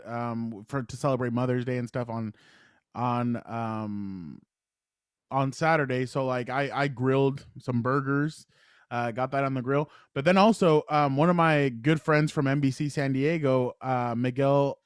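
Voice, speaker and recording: A man's voice: medium pitch, clear, resonant tone, no room sound, studio quality. A young man co-hosting a podcast, telling a casual, rambling weekend story full of fillers and laughing asides. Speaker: podcast co-host.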